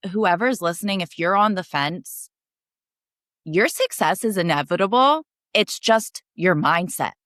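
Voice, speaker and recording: A young woman guest on a coaching podcast, earnestly telling a personal story with emotional rushes of speed. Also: medium pitch, fairly bright tone, dry recording, clean studio sound.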